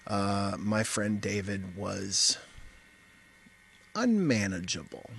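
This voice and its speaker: A man's voice: on the low side, big pitch swings, slow, creaky, fairly bright tone, a little hiss or hum. Man telling a wry true story. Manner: wry, conversational, vivid storytelling. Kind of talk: personal storytelling monologue.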